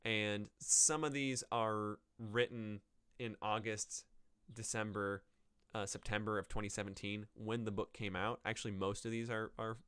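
A man with a lowish, resonant voice talks through a book review in casual podcast chat. He hesitates often, restarting phrases and dropping dry asides. The sound is close and dry. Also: fairly even intonation, moderate pace, a bit bright, smooth, no echo. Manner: hesitant, with many fillers and restarts. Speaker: podcast host.

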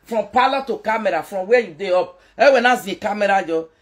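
A woman's voice: mid-range voice, lively intonation, a little fast. A Nigerian woman doing a casual live-stream gossip rant as a social media commentator, mocking, laughing and scolding.

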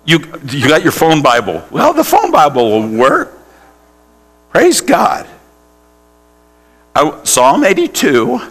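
A man preaches to a congregation in a bright, forceful voice, leaning into slow and deliberate phrasing. His pitch swoops widely as he calls out questions to people in the pews. A faint electrical hum sits under the church recording. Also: wildly swooping pitch, slightly rough. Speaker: pastor. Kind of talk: sermon. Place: church sanctuary.

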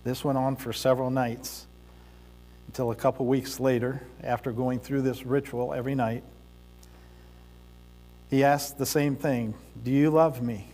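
A man preaching a sermon in a church sanctuary, speaking deliberately with pauses and the odd filler as he tells a story. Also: medium pitch, level tone, darkish tone. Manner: slow, deliberate delivery with pauses and occasional fillers. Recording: reverberant church hall.

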